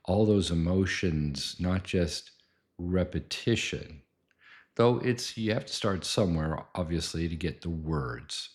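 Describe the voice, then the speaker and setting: A man's voice: low voice, measured pace. A middle-aged man, a doctor hosting a talk show, explaining in a casual, anecdotal way and acting out quoted lines.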